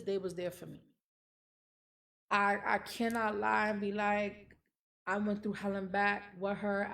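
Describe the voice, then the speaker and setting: A young adult woman hosting a podcast, talking candidly and emotionally, blunt and profane. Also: mid-range voice. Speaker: podcast host. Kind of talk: candid casual chat.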